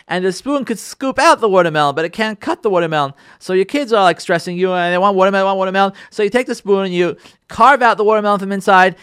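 Animated rabbi teaching a marriage class. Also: male voice, high-pitched, smooth, dry recording, studio quality. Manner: animated, acts out spouses' lines. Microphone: studio microphone.

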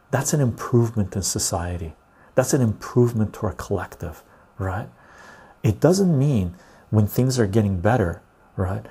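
A low-pitched man with a dark, rough, fry-edged voice hosts a casual talk show. He tells stories and rants bluntly, often tagging his points with "right?". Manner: blunt, ranting, loose storytelling with frequent "right?". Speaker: podcast host.

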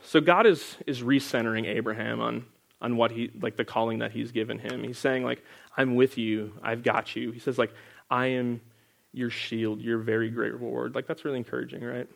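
A man's voice: mid-range voice, fairly even intonation, brisk, vocal fry. A young man leading a casual Bible study, reading scripture aloud and then explaining it in a loose, chatty way full of filler words. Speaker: Bible teacher.

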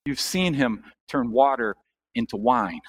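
A male pastor preaching a sermon, asking the congregation questions, animated, with sharp rises and drops in his voice. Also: medium pitch, a little slow.

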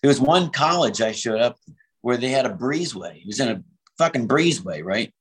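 A man's voice: medium pitch, animated, brisk, fairly bright tone, husky, low-quality recording. A man in his fifties, a comedian telling road stories in a casual interview, acting out the voices he quotes and swearing freely. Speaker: prop comedian, guest.

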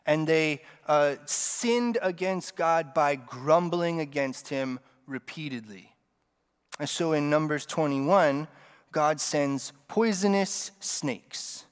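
A man's voice: fairly high pitch, slow, smooth. A man delivers a sermon in a slightly raised voice, speaking loosely and conversationally with humorous asides. His voice rings out with a long reverb through a church sanctuary. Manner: conversational, with joking asides to the congregation. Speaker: preacher.

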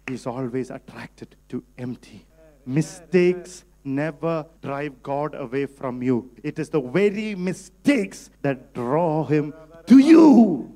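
A male pastor delivers a church sermon in a fairly high voice. He swings between hushed, earnest pleading and sudden loud shouts. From India. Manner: preaching with sudden shouts and shifts in loudness.

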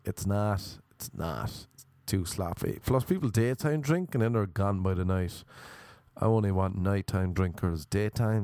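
A man's voice: fairly low pitch, moderate pace, a little mellow, no room sound. A young Irish man with a Cork accent, rambling through a sardonic stand-up story, swearing and acting out voices. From Ireland.

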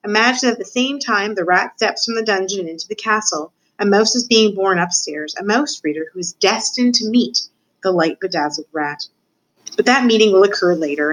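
A woman student reading a children's novel aloud, narrating with expressive voices for the characters. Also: medium pitch, poor audio. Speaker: student reader.

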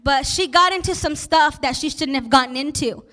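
A woman pastor preaching a sermon with passion, repeating lines and asking the listeners questions, at times turning soft and emotional. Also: sits high, moderate pace.

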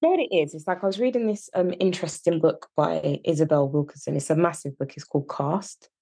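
A woman with a Yorkshire accent co-hosts a podcast in casual chat, speaking earnestly and at length in a discursive way that turns animated when she's riled. Her low, slightly rough voice moves at a quick pace, recorded with no echo.

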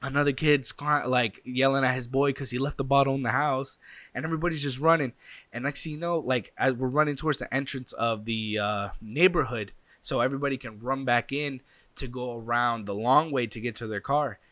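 A young man tells a personal story in a casual, animated way, slipping into the voices of the people involved and adding sound effects. His voice is bright and forward. The recording is dry and close. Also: mid-range voice, a little fast, no room sound.

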